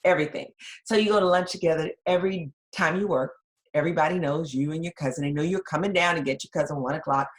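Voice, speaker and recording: A woman's voice: low-pitched, fast talker. A woman presenting a webinar lecture, talking conversationally and checking in with the listeners with frequent "right?".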